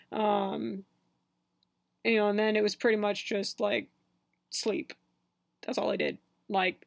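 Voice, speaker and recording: A man's voice: high voice, gravelly, dry recording, studio quality. A young man telling a story on his vlog in a casual, chatty way, full of fillers and laughs. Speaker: vlogger.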